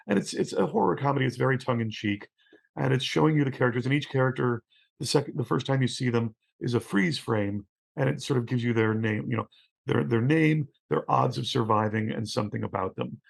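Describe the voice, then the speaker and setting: Gravelly, husky man telling animated stories. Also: mid-range voice. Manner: animated storyteller, acts out quotes. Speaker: guest, theatre professor. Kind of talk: casual conversation.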